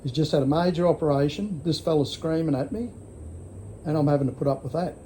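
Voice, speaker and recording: A man's voice: on the high side, quick pace, warm tone, slight background noise. Blunt, swearing Australian man in his sixties. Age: 60s. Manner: rambling, blunt, heavy swearing. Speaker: vlogger. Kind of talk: casual storytelling.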